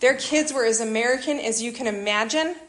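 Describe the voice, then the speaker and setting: Woman speaker, higher voice, chatty storyteller with asides, echoey room. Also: brisk. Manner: lively, conversational, many asides. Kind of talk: personal storytelling talk. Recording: roomy echo.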